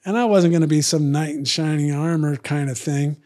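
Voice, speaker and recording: A man's voice: on the high side, steady tone, brisk, warm tone. A middle-aged man telling stories in casual chat, blunt and profane, acting out both sides of old arguments. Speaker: guest. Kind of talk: casual storytelling.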